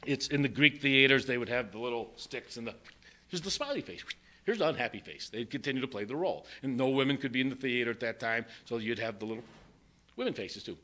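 A man's voice: mid-range voice, lively intonation, fast, pushed and bright. An older man preaching a sermon, reading verses and joking as he goes. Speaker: pastor.

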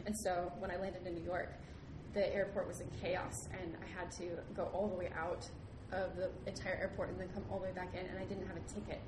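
A young woman from the United States tells a story in a casual, animated way. She laughs often and acts out the other people in it. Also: lowish voice, brisk, hardly any pauses. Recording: roomy with background noise.

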